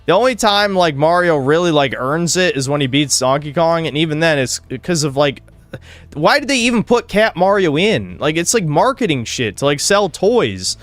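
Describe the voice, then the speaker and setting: A man's voice: fairly high pitch, very animated, normal speed, a bit bright, no room sound. A man hosting a casual podcast while gaming, rambling and swearing with lots of filler words. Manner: rambling, profane, heavy use of "like". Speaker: podcast host.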